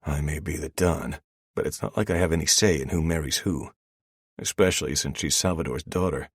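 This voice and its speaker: A man narrating a romance audiobook in the first person, in a measured, brooding way. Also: extremely low pitch, breathy edge, dry recording, clean studio sound.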